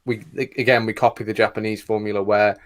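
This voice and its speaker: Low-voiced man teasing on a podcast. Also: level tone, fairly quick. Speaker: podcast co-host. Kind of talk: casual chat.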